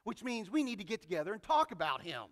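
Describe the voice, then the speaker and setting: Bright, high-voiced male preacher. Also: quick pace. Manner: animated, acts out quoted voices. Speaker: pastor. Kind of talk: sermon.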